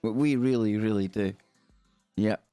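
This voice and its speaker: A man's voice: fairly low pitch, measured pace, dark tone, smooth, dry recording, faint music behind. A Scottish man hosting a live stream in casual, jokey, rambling chat. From Scotland.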